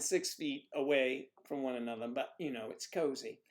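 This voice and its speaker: A man's voice: mid-range voice, moderate pace. A man hosting a livestream, rambling and joking between songs with swearing and muttered asides. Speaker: livestream host playing guitar. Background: his own acoustic guitar.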